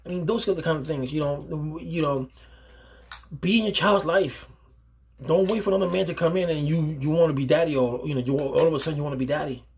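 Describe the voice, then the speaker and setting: Husky-voiced man giving earnest advice. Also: fairly high pitch, brisk. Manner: earnest, emphatic, repeats and restarts phrases. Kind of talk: unscripted advice monologue.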